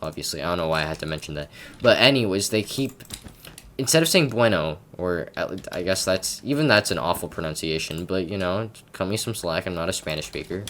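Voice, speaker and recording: A man's voice: deep voice, animated, fairly quick, a bit bright, slight background noise. A man from Canada giving casual gameplay commentary at his computer, rambling and stammering with lots of repeated words and self-mocking asides. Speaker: gaming commentator.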